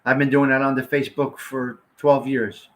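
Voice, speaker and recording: Hosting a casual livestream, a man talks to his viewers at a moderate pace in a medium-pitched, level voice. His manner is blunt and rambling, and he swears freely.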